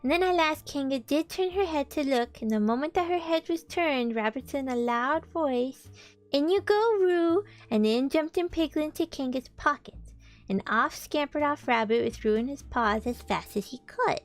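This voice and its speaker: A woman's voice: high-pitched, moderate pace, faint music behind. A woman streamer reading a storybook aloud, with chatty, playful asides.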